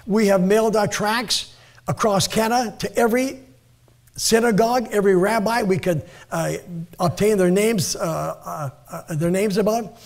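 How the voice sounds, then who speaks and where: An older man, a pastor, preaching a sermon in a church and reading scripture slowly and earnestly. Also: sits high. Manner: earnest, repeats words, reads scripture slowly. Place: church sanctuary.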